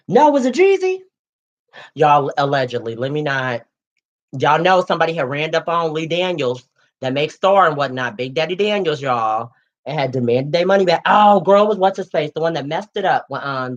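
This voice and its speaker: A woman in her late twenties trades celebrity gossip in a low, throaty register. She is sassy and animated, peppering every line with "girl" and "honey." The recording sounds dull and lo-fi. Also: normal speed. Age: late 20s. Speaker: co-host. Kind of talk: casual gossip chat.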